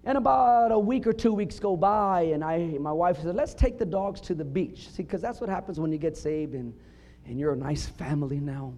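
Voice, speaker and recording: A middle-aged man preaching a sermon, telling funny stories with punchlines and building up to emphatic shouts. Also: fairly high pitch, moderate pace. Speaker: pastor.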